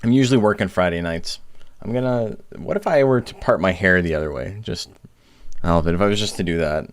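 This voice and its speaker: A man's voice: deep voice, brisk, no room sound. A man live-streaming in casual chat, rambling and self-deprecating while fighting hiccups. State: has hiccups.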